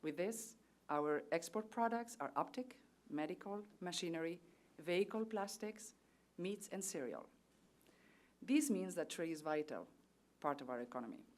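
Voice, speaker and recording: A woman with a Spanish accent speaks in a notably low voice, delivering formal prepared remarks at a seminar. Her tone is earnest and steady as she works through economic figures one after another. Spanish is her first language. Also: normal speed. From Spain. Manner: formal and earnest, reciting statistics. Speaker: trade official on a panel. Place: seminar venue.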